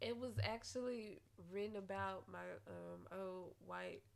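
A woman's voice: medium pitch, measured pace, vocal fry. A woman author as a podcast guest, bubbly and blunt, laughing as she chats. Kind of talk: casual chat.

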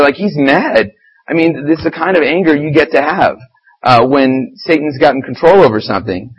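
A church lay preacher gives an informal, conversational sermon, reading scripture in a fairly high, husky voice at normal speed. He's animated and grows heated when describing the fight against Satan. The audio has its high frequencies cut off.

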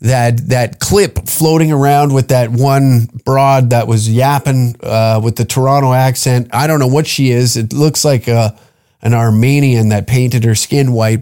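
A man's voice: mid-range voice, darkish tone. A man hosting a comedy podcast, ranting in an exasperated, profane way. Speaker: podcast host.

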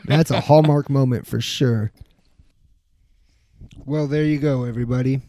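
A man's voice: medium pitch, steady tone, a little slow, mellow. A man hosting a podcast, telling a rowdy story in casual chat, swearing freely and acting out what people said. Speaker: podcast host.

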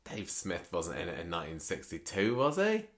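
A man's voice: deep voice, brisk, creaky. A man hosting a podcast, chatting cheerfully while he has a cold. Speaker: podcast host. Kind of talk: casual chat.

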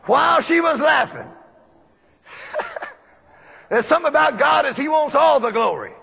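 High-voiced, shouting man preaching in a hall. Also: big pitch swings, unhurried, gravelly. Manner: shouting emphatic preaching, often breaking into laughter. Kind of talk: sermon. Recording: long reverb of a large hall.

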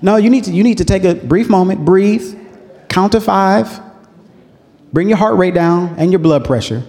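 A man's voice: sits high, moderate pace, warm tone, long reverb tail. A man pastor preaching a sermon in a loose, conversational way, calling on the congregation to answer back. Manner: conversational preaching with call-and-response.

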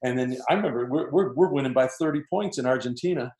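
A man's voice: medium pitch, fast talker, a little mellow. A man from Canada, a former basketball player, telling stories as a guest and acting out his coaches' lines. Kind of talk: casual storytelling. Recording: roomy echo.

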